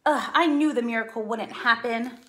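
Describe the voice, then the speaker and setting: A woman doing an earnest little squeaky mouse. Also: normal speed, fairly bright tone, natural voice. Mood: fretful. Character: little male mouse, hopeful and fretful.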